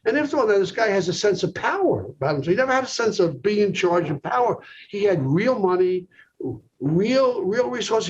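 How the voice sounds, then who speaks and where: A man, a psychologist being interviewed, telling a long anecdote and checking in often with "okay". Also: high-pitched. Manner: storytelling, peppered with "okay". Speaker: psychologist guest. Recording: dull lo-fi recording with faint noise.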